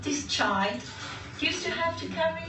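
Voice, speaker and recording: A woman's voice: very high-pitched, animated, a little slow. A woman presenting a museum visit in casual tour chat, asking curious follow-up questions. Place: museum indoors. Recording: echoey room from far off, background noise.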